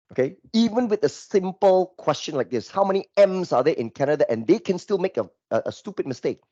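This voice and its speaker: A man's voice: fairly high pitch, no room sound. Exasperated man giving a live demo. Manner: animated, exasperated, repeats himself. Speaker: online course instructor. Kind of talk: live screen demo lesson. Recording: dull lo-fi microphone, dry.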